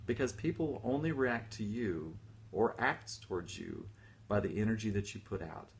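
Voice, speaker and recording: A man's voice: mid-range voice, lively intonation, brisk. A man hosting a casual livestream talk as a spiritual teacher, chatty and self-deprecating, laughing often as he tells stories. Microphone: phone livestream.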